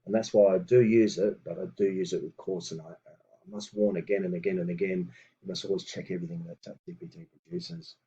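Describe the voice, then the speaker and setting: A man with a deep, slightly husky voice teaches a lesson, pronouncing each old phrase slowly and deliberately. He talks through his explanations with hesitant fillers. The recording sounds dull and lo-fi, like a home setup. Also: expressive, warm tone. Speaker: language teacher. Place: room with books on a table.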